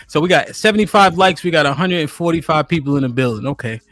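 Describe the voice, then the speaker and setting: A man's voice: a little high, animated, quick pace, fairly bright tone. A man hosting a live-stream podcast, talking in a laid-back, slangy way. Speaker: host. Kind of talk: casual live-stream chat. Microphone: studio microphone.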